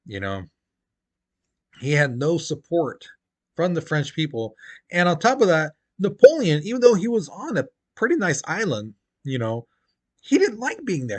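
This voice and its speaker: A man teaching a history lesson in a casual, chatty way, full of "you know" and "basically", acting out quotes in playful voices. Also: medium pitch.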